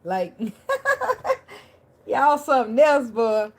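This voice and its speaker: A woman's voice: sits high, huge pitch swings, extremely slow, slight background noise, low-quality recording. A woman giving a casual tarot reading to her viewers, blunt, profane and preachy, laughing at times and thanking viewers by name. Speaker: tarot reader.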